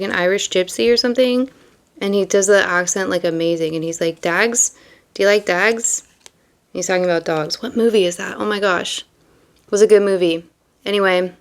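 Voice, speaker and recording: Chatty young woman reading tarot. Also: mid-range voice. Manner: rambling, chatty, with many fillers. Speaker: tarot reader. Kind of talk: casual chat and card reading.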